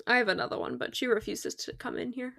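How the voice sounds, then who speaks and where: Fast-talking and slightly high, her voice has a creaky texture and a fairly bright tone. The young woman is casually chatting during a game on a live stream, chatty and quick to laugh at her own jokes.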